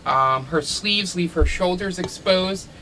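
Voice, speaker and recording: A man's voice: high voice, takes it slowly, sharp tone, a little hiss or hum, low-quality recording. A man narrating a tabletop role-playing game as game master, describing scenes with frequent ums and uhs. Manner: descriptive, filler-heavy with many ums.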